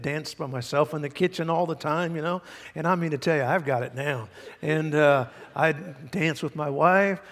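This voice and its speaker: A man's voice: a little high, big-room sound. A male pastor preaching a sermon in a church, folksy and emphatic with many asides. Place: church sanctuary.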